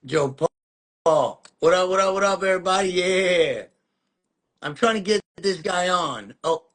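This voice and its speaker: Slangy excited podcast host man. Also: high-pitched, a little slow. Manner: excited, slangy, calls guest bro. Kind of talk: casual chat.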